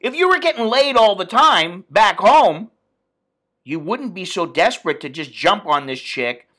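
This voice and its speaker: American man vlogger, profane and blunt, ranting casually in a bright voice. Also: high-pitched, animated, unhurried. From United States. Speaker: expat vlogger. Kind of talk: casual vlog rant.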